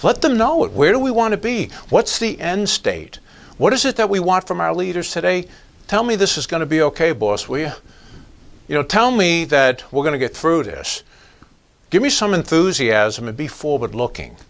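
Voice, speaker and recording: A man's voice: fairly high pitch, normal speed, creaky. An older man who is a police trainer, giving a training lecture to agency leaders with emphatic, rhetorical delivery. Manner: emphatic, animated, asks rhetorical questions.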